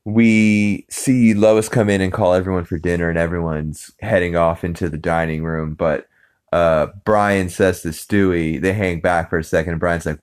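A man's voice: sits low, steady tone, moderate pace, clear, resonant tone. A man hosting a podcast, casually recapping a cartoon episode in a rambling way with many fillers. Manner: rambling, many ums and uhs, acts out quotes. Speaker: podcast host.

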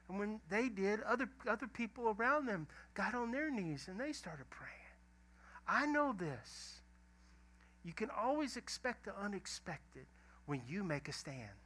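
A middle-aged pastor, preaching a sermon in a folksy storytelling way that swings from loud emphasis to a hushed near-whisper. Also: male voice, sits high.

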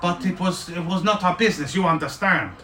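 A man voicing a small, boisterous male warrior who squeals his exclamations in a loud, excitable way. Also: high-pitched, brisk, pitched above the performer's own voice. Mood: excited. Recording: roomy, distant mic.

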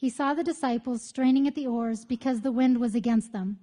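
A woman's voice: a little high, brisk. A woman in her thirties leading a Bible study, chatty and candid, telling stories as she teaches. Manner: chatty, candid, lively storyteller. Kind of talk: casual teaching with storytelling. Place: church meeting room with group.

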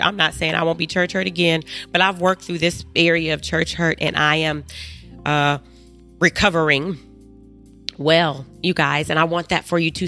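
A woman's voice: fairly low pitch, a bit bright. A woman hosting a faith podcast, sharing a personal testimony in an earnest, emphatic way and speaking straight to her listeners. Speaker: podcast host.

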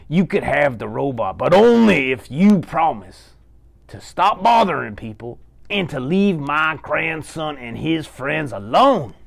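A kindly old grandmother in a bedtime story, gentle and firm, speaking slowly, as a man puts her on. The voice has a gravelly texture and an animated lilt. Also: fairly high pitch, exaggerated voice.

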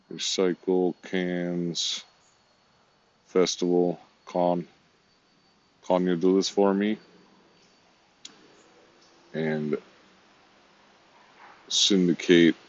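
A man's voice: low voice, dry recording, lo-fi sound. A man talking to himself in a rambling, disjointed monologue, swearing now and then.

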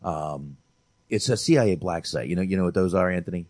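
A man's voice: sits low, fairly quick, no echo. A man co-hosting a movie podcast, chatting casually and profanely, calling his friend dude. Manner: animated, swears freely, says dude. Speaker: podcast co-host reviewing movies.

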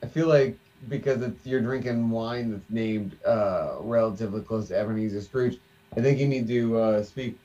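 A man's voice: lowish voice, normal speed, warm tone, distant mic, lo-fi sound. A man co-hosting a casual podcast over drinks, joking, laughing often and swearing casually. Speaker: podcast co-host.

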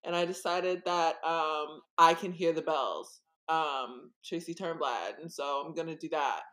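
A woman co-hosting a podcast in casual chat, animated and theatrical, often slipping into quoted voices. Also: deep voice, a little slow. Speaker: podcast co-host.

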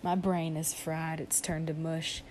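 A young woman talks through a rambling, self-deprecating comedy monologue for her podcast. She speaks slowly with a slightly low voice, drifting between topics and breaking into giggles. Faint background noise sits under her voice. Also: level tone, a little mellow. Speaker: podcast host.

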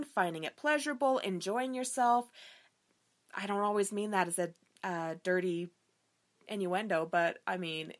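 Chatty woman doing a book review podcast, swears a lot, says like and you know constantly. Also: medium pitch. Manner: candid, profane, animated, frequent fillers. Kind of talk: casual chat.

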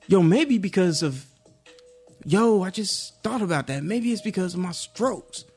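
Laid-back commentary vlogger, slow and gravelly, slangy self-talk over soft background music. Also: mid-range voice. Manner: musing, self-encouraging. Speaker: commentary YouTuber. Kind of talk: casual reflective vlog monologue.

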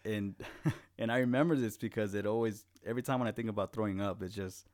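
A young man with a lowish voice, hosting a casual chat in a laid-back way. He tells profane stories and acts out the quotes. He grew up in Los Angeles. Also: fast, a little mellow.

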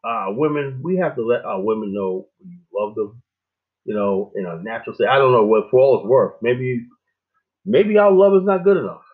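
A middle-aged man hosting a show, rambling in a casual monologue with lots of fillers and animated stories. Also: medium pitch, moderate pace. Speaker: show host. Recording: tinny phone-like line.

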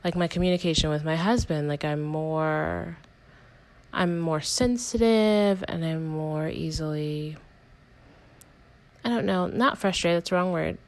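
A young woman with a low voice hosts a casual personal podcast at a measured pace, and the recording is rough. She talks candidly and rambles, saying "like" a lot and correcting herself.

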